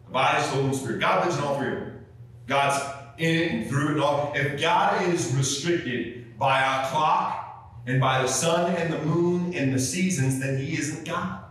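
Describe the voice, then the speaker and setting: High-voiced guy preaching, fired up and folksy, lots of ums, far off in a super echoey church. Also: moderate pace. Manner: animated, folksy, fervent preaching with many fillers. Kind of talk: sermon. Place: large church sanctuary.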